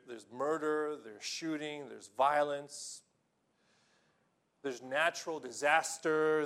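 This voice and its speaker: A man preaches a sermon in an animated storytelling way, swinging from loud exclamations to near-hushed tones. His voice sits a bit high, with a lively pitch. He often fills pauses with "you know" and restarts. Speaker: pastor.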